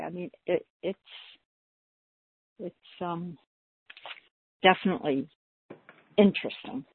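A woman's voice: on the low side, takes it slowly, pauses often, slight background noise. A woman reflecting hesitantly in a group call, searching for her words. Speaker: community call participant. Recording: dry phone-line audio.

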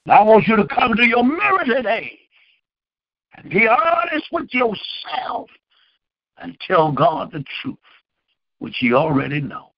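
A man's voice: high-pitched, wildly swooping pitch, a little slow, long pauses, no room sound, muffled recording. A man preaching and praying as pastor, with fervent pleading questions. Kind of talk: sermon and prayer.

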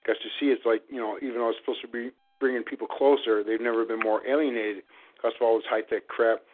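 A man's voice: mid-range voice, fairly even intonation, quick pace. A man on a casual talk show, going off on long rambling rants full of "like" and "you know.". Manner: rambling, ranting, lots of fillers. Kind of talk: casual phone-in chat. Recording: narrow phone line.

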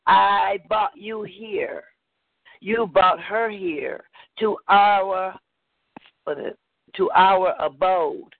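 A woman's voice: mid-range voice, very slow, creaky, pauses often, no echo. A woman hosting a call-in poetry show and reading her poem bluntly and fiercely. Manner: blunt, fierce rhythmic recitation. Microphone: phone call. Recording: tinny phone line, dry.

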